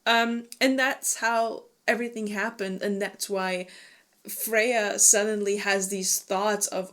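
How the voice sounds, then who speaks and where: A woman co-hosting a casual book discussion podcast, animated and swearing freely. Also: mid-range voice. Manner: animated, swearing, quick to laugh. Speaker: book club podcast co-host.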